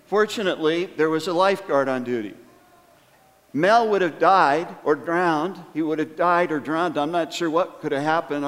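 A man preaching a sermon to his congregation, earnest and emphatic, slowing down on key phrases and asking rhetorical questions. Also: fairly high pitch, fairly bright tone. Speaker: pastor. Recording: long hall reverb.

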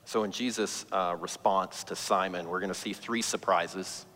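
A man's voice: low-pitched, steady tone, normal speed, hardly any pauses, bright, forceful tone, big-room sound. A man preaching a sermon as pastor, telling the story with emphatic, rising stress.

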